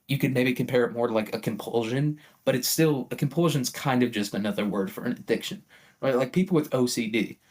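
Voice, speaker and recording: Casual male vlogger, mid-pitched, rambling and profane, laughs between points. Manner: profane, chuckling, rambling asides.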